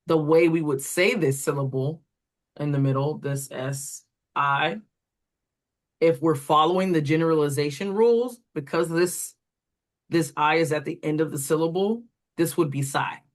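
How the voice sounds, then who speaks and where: In this instructional walkthrough, a tutor trainer covers reading correction step by step, pointing at examples and using fillers. She has a low voice and speaks at a normal speed.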